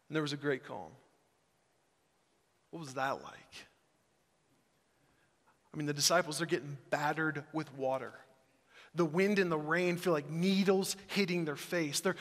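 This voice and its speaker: A man preaching a sermon as pastor, moving from quiet reflection to loud, emphatic passages. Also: a little high. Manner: swings from hushed reflection to loud emphatic delivery. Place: large church hall. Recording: reverberant church hall.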